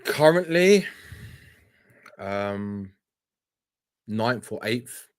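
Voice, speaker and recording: Measured male fan caller, dry sound. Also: fairly low pitch, animated, clean tone, dry recording. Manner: measured, hedging, repeats himself. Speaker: fan guest. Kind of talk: casual fan call-in chat.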